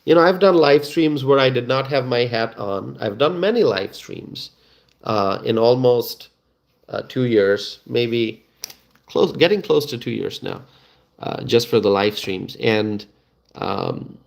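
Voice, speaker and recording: A middle-aged man, hosting a casual live stream and chatting to viewers, halting and full of fillers and restarts. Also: mid-range voice, lively intonation, vocal fry. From Bangladesh.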